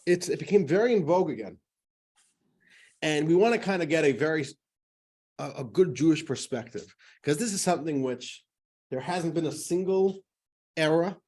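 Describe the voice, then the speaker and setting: Chatty rabbi teaching a class. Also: male voice, fairly high pitch, darkish tone. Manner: chatty, joking, many fillers. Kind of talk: casual classroom lecture.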